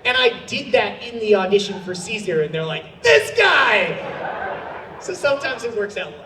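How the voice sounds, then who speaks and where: High-voiced man answering a convention panel. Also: a little fast, noisy background. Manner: chatty, animated, with many fillers. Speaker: voice actor. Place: large convention hall. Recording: roomy hall sound from a distant mic.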